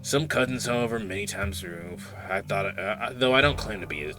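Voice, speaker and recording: A man's voice: lowish voice, brisk, music in the background, natural voice. A man putting on a drawling southern farmer. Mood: gruff. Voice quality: drawling, folksy. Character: gruff middle-aged male farmer, protective.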